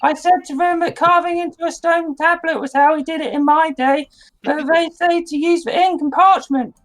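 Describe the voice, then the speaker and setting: Fussy, smothering old dwarf mum, high and shrill, a man putting her on. Tabletop game. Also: steady tone, moderate pace, fairly bright tone, low-quality recording. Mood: doting, grumbling. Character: doting, bossy old dwarf mother. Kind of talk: tabletop role-play, reading a letter in character.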